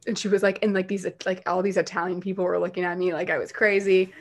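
A woman guest on a podcast, chatting casually and telling lively stories with lots of fillers and quick asides. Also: on the low side. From based in New York City. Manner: animated storytelling, quick asides and filler words. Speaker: podcast guest, dog-mom influencer. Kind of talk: casual chat.

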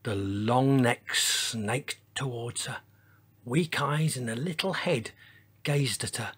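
A man reading a children's dinosaur story aloud, with dramatic sound words and expressive pacing. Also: medium pitch, slow pace, breathy edge.

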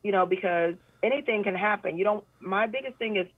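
A woman guest talking earnestly in a casual interview chat, often animated and full of fillers. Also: mid-range voice, brisk, slightly rough, no room sound. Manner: earnest, animated when retelling, many fillers. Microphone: phone call. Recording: tinny phone line.

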